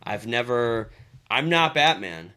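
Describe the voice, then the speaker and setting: A young man with a bright, forward voice and an ordinary pitch, chatting casually as a podcast co-host. He talks in an animated way, laughs often and acts out lines from the scenes he recalls. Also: slow, clean tone. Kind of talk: casual chat.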